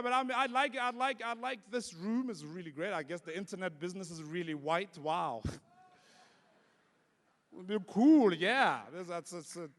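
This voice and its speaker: Young south african man, a comedian on stage, fairly high voice, long hall echo. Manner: animated storytelling that acts out voices. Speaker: stand-up comedian. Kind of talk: stand-up comedy. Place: large conference hall.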